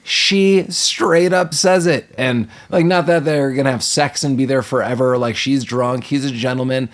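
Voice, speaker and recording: A man co-hosting a casual podcast, recapping a film and acting out the characters' lines with lots of "like" and laughter. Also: medium pitch. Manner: animated, acts out characters' lines in quick impressions. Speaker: podcast co-host. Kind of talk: casual movie recap chat.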